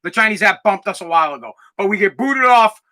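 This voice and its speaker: Fed-up 40s male podcast host, high, biting voice, profane rant with shouted outbursts. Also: animated, fast talker. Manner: aggravated, profane, bursts into shouting. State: dusty throat, clearing it and coughing. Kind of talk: angry ranting monologue.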